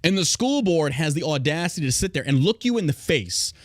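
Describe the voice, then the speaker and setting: A podcast host delivers an angry rant, heated, profane, and emphatic, addressing his listeners directly. His fairly high voice is very animated and fairly quick, recorded at studio quality with no echo.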